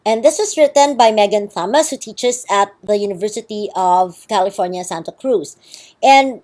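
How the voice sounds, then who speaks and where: A woman's voice: medium pitch, moderate pace, a little mellow. A woman with a Filipino accent giving a university lecture, explaining step by step and often checking in with "okay" and "right".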